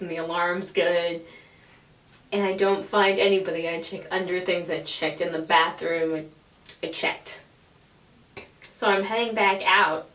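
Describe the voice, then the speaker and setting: Young woman, vlogger, casual storytelling, swears, animated, echoey room, distant mic. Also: lowish voice. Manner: animated, swears freely, acts out the people in her stories.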